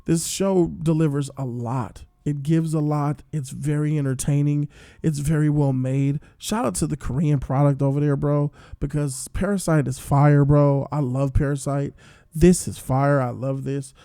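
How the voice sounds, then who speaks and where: A man giving a casual spoiler review, excitable and profane, breaking into loud outbursts. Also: fairly high pitch, a little slow, no room sound, clean studio sound. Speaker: show reviewer.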